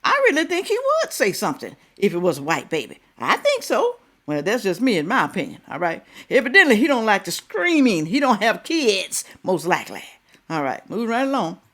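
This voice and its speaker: A middle-aged woman gives casual, brisk commentary on a viral clip as a reaction video host. Her pitch rises and falls constantly, and she animatedly fires rhetorical questions at her viewers.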